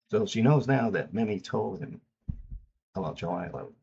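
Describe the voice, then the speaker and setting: Man, casual comic recap, rambling, low pitch, husky, muffled lo-fi recording. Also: lively intonation, moderate pace, a little mellow. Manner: rambling, loose retelling with many "and he goes".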